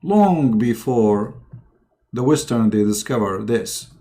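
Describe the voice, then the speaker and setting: Male streamer, mocking and halting, with a lively voice that swoops up and down. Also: medium pitch. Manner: sarcastic, halting, with many fillers. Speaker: religious debate streamer. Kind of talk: mocking commentary.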